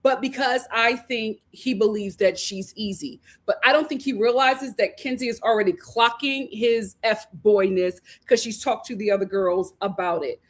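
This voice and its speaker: A woman's voice: a little high, moderate pace, few pauses. A woman hosting a casual live recap of a reality show, talking animatedly and acting out the cast's lines. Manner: animated, acts out quotes, laughs often. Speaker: host reviewing a reality show.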